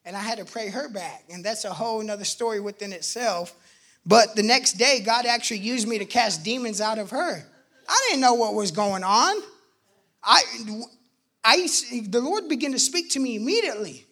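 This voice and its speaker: A man telling his personal faith testimony in an animated way, acting out the voices in his story and bursting out loud at times. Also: high-pitched, moderate pace. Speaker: testimony speaker.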